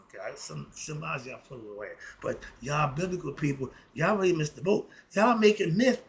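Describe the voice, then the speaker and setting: A man's voice: on the high side, expressive, brisk. A middle-aged man in a casual, blunt and preachy monologue, full of slang. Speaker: philosophy vlogger.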